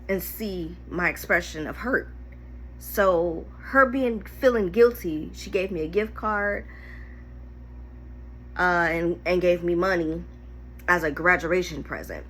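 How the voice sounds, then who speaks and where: Bright-voiced woman telling a personal story. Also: lowish voice, slight background noise. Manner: emotional, candid, animated retelling. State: holding back tears. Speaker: storyteller vlogger.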